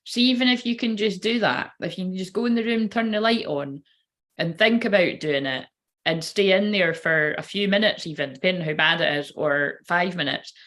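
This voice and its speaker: A woman's voice: lowish voice, normal speed, a bit bright. Chatty woman who swears freely. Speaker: tarot card reader. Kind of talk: casual rambling chat to viewers.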